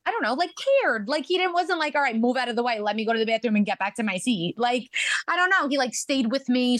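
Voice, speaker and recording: A woman guest on a podcast, telling stories in a chatty, animated way, full of "like" and "um". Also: fairly high pitch, no room sound. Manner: chatty, animated, many fillers like "like" and "um". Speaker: podcast guest, reality show contestant. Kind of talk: casual storytelling interview.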